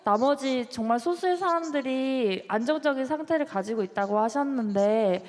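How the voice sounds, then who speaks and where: A woman's voice: high voice, expressive, very fast. A woman in the audience of a lecture, asking an earnest question and thinking it through aloud. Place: lecture hall. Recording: long hall reverb.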